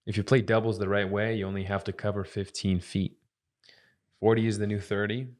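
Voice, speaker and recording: A man's voice: on the low side, level tone, brisk. A man co-hosting a podcast, reading a list of coaching tips in a casual way. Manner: reads out a list of tips, laughing lightly.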